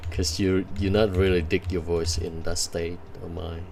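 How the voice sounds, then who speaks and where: Vietnamese-accented male art streamer, low flat voice, halting casual chat, faint typing behind. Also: gravelly, a little hiss or hum. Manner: halting, many filler sounds and restarts. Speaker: digital painting streamer. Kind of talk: casual chat with viewers while painting.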